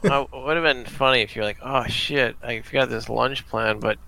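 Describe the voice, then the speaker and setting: A man's voice: mid-range voice, steady tone, moderate pace, vocal fry, heavy background noise. A man in a casual chat among friends, teasing the others in a dry way. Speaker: podcast co-host.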